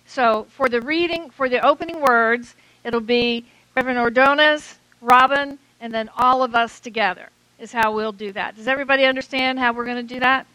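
Woman worship leader, bright and high, clear instructions. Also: steady tone, normal speed, no room sound. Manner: clear, instructive, guiding the congregation. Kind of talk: leading a church service. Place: church sanctuary.

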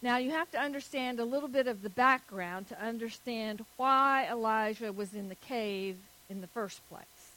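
A woman preaching a sermon, telling a story slowly and deliberately. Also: on the high side, pushed and bright, rough recording.

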